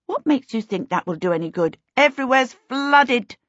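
A woman's voice: a little high, lively intonation, normal speed, fairly bright tone, dry recording, highs cut off, pitched above the performer's own voice. A woman voicing a snappish, bossy young girl. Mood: irritated. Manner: snappish, impatient.

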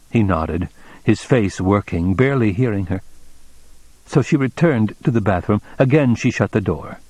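A man narrating an audiobook in a measured, deliberate reading style. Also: lowish voice, expressive, a little mellow, husky, dry recording. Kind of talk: scripted narration.

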